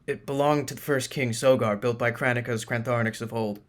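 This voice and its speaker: A man's voice: medium pitch, steady tone, fairly quick, lightly acted. A man voicing an earnest, anxious male creature guide who explains things eagerly. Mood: explaining.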